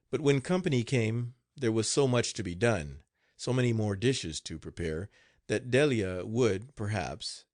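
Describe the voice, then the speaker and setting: Man, audiobook narrator, low voice, expressive reading, dry recording. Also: no room sound.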